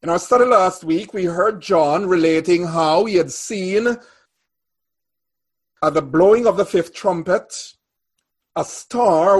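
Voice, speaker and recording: A pastor with a high-sitting voice preaches a sermon, first reading scripture aloud and then expounding on it in a measured, deliberate way.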